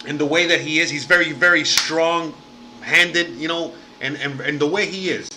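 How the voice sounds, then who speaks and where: A man's voice: fairly high pitch, moderate pace, noisy background. A man hosting a livestream, rambling and swearing freely with lots of fillers in casual chat. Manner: rambling and profane, heavy fillers. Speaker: livestream host.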